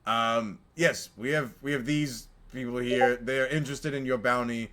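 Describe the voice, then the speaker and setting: A man's voice: mid-range voice, fairly even intonation, normal speed, pushed and bright, lightly acted. A man voicing a flustered, foul-mouthed male pirate in a tabletop game, stammering and indignant. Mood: nervous.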